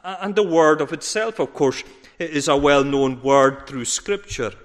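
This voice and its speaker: A man preaching a sermon in an earnest, measured way, leaning hard on repeated words. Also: fairly high pitch. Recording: hall reverb.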